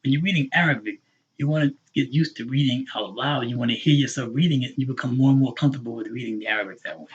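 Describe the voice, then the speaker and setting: A man with a husky, breathy voice leads an online class and repeats each word slowly and patiently for his students. The sound is dull and lo-fi. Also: medium pitch. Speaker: Arabic teacher. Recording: dull lo-fi recording.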